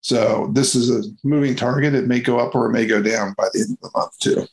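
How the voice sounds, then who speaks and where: A man's voice: mid-range voice, steady tone, fairly quick, low-quality recording. A man hosting a casual movie review chat, rambling and hesitant with many fillers and restarts.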